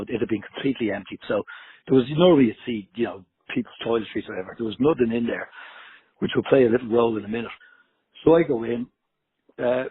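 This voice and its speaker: Husky man on a tinny line. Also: mid-range voice, no echo. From Ireland. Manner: animated, profane, acts out dialogue. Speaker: guest musician. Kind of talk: casual storytelling.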